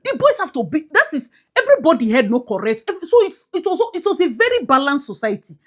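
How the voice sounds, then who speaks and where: Animated Nigerian woman vlogger. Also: high voice, fast. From Nigeria, Port Harcourt. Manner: animated, emphatic, pidgin-flavored asides. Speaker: YouTube commentator. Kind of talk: casual commentary vlog.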